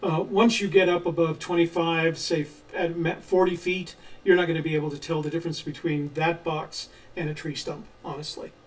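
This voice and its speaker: A man with a slightly high voice explains things carefully in a relaxed live chat, pausing often on "uh". He sits a little back from the microphone. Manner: measured and explanatory, with frequent "uh" pauses. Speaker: co-host of a treasure-hunt channel. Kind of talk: casual live chat answering viewer questions. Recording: voice a little distant from the mic.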